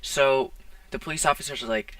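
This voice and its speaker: A man's voice: mid-range voice, brisk, pushed and bright, dry recording. A teenage boy telling a casual storytime, rambling with lots of "like" and restarts, recorded on a poor mic. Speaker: vlogger. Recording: distant, dry, poor-quality mic.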